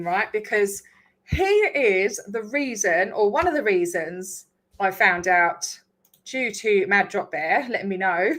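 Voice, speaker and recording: A woman with an English accent carrying a slight Australian twang, chatting casually on a live stream, laughing often and swearing casually. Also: mid-range voice. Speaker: livestream host.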